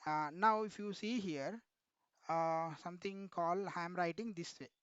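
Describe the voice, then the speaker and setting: A man's voice: high voice, fairly even intonation, moderate pace, fairly bright tone, clear, resonant tone, no room sound, dull audio. A man, teaching an online technical class and repeatedly asking students questions, addressing them as sir. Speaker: instructor.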